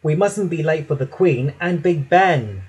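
A man voices an eager young tank engine from a storybook. He sounds keen and easily worried about time, with a lively, bouncing delivery and a slightly husky edge. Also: a little high, a little slow, full character voice, rough recording. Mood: curious. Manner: eager, anxious about being late.

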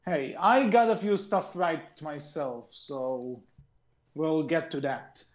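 Chatty man with a slightly high voice. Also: lively intonation, slow. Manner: chatty, rambling, hedging. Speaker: podcast co-host. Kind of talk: casual podcast chat.

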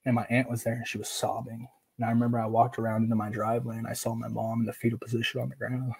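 A man with a husky, slightly breathy voice recounts a painful memory as a podcast guest. His pitch stays flat and even while he talks casually, leaning on fillers and acting out what others said. He comes across as earnest and openly emotional. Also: very fast, rough recording. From Oregon, USA. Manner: casual, filler-heavy, acts out quoted dialogue. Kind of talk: personal storytelling in conversation.

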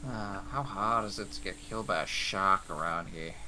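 A man's voice: low-pitched, normal speed, background noise. A man casually chatting and joking while playing a pirate game with friends. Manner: joking, playful. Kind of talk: casual gaming chat.

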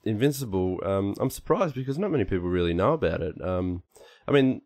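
A man co-hosting a podcast, explaining things casually in a halting way with many fillers. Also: on the low side, expressive, a little mellow. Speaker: podcast co-host, artist.

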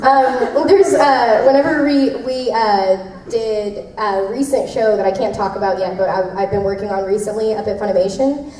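A voice actress telling convention fans behind-the-scenes stories in a giggly, rambling way. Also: female voice, medium pitch, normal speed, darkish tone. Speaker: voice actress answering fan questions. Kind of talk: casual convention Q&A. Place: convention panel room. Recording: echoey room from far off, faint noise.

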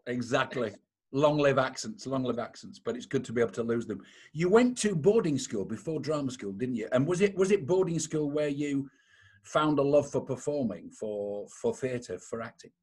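A man's voice: mid-range voice, animated, moderate pace, a little mellow, slightly rough. A man from Yorkshire hosting a casual interview over a video call and asking encouraging questions. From Yorkshire, England. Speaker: interview host.

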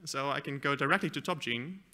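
A man presents at an academic conference. His voice is very bright and sharp. He explains a live demo at an even pitch, with the odd "uh" and restart. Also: fairly quick. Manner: explains a live software demo, with fillers and self-corrections. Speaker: conference speaker. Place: conference hall.

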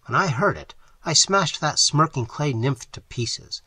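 An earnest young man in love speaks emphatically, with a lively rise and fall, as a male reader plays him. His voice is husky and dry-sounding. He is a fervent young man in a storybook. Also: fairly high pitch, a little slow, no echo, heavily acted.

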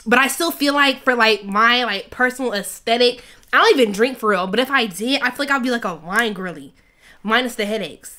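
A woman's voice: a little high, sharp tone. Playful young woman, chatty vlogger. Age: 20s. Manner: playful, chatty, full of slang and quick asides. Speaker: YouTuber. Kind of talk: casual chat reading a quiz aloud.

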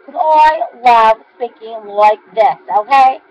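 A man's voice: extremely high pitch, takes it slowly. A man doing a brassy New York woman. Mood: sassy defiant. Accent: put-on New York. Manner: loud, challenging, repeats words for emphasis. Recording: dull lo-fi camera with fan hum.

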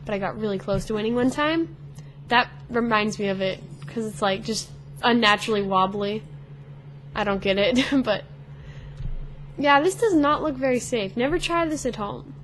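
A teenage girl narrates her gameplay in a bubbly, excitable ramble, talking to herself and the character on screen. Her voice sits on the high side. A faint hiss runs under the recording. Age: teens. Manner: chatty, excitable, talks to herself and the game character. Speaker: gaming channel host. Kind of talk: let's play commentary.

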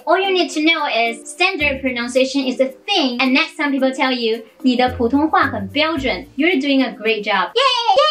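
A woman's voice: sits high, a bit bright, low-quality recording. A woman with a Chinese accent, a native Chinese speaker, giving a cheerful scripted tutorial as a Mandarin teacher. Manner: cheerful, explanatory. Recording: faint background music.

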